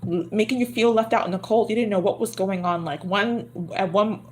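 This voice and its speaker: A woman doing a livestream tarot reading, talking in a loose, chatty way and often repeating herself under her breath. Cards shuffle clearly in the background. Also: mid-range voice, fairly quick, background noise. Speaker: tarot reader. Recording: card shuffling clearly audible.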